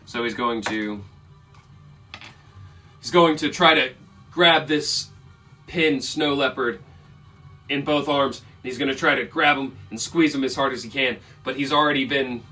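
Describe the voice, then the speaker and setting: Guy game-mastering a fight scene, bright voice, kinda far off the mic, quiet music under. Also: medium pitch, fairly even intonation, moderate pace. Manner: casual, loose narration with fillers. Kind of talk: narrating a tabletop game. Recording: distant mic with faint music.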